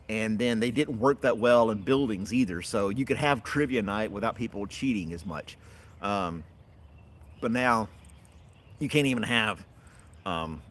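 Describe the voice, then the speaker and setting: Lively chatty man hosting a livestream. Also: mid-range voice. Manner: rambling, chatty, laughs often. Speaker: livestream host. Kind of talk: casual livestream chat with viewers. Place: outdoors in a backyard.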